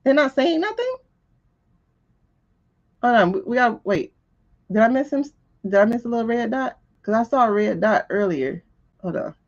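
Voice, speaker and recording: Animated woman riffing on live stream. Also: on the high side, normal speed, pauses often. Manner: animated, exasperated, talks back to the footage. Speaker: host of a live tarot stream. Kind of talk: casual live reaction commentary. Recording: lo-fi stream audio.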